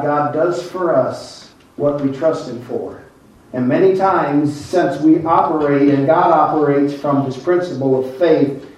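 An older man preaching a sermon as a pastor, calling on the congregation and slowing down to stress his points. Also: fairly high pitch, darkish tone. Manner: preaching, calls on the congregation, slows down for emphasis. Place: church. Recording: echoey church hall, mic far off, dull.

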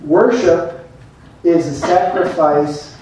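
In a church sanctuary, a pastor gives a folksy, conversational sermon with asides to the congregation. His voice is fairly high and darkish, with fairly even intonation and a slow pace. The echoey church is captured from a distant mic, with slight background noise.

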